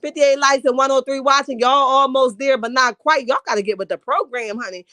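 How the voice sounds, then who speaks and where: Brisk, pushed and bright, her high voice stays fairly even in intonation on a dry recording. She's hosting a casual livestream, reading viewers' comments aloud and reacting sassily.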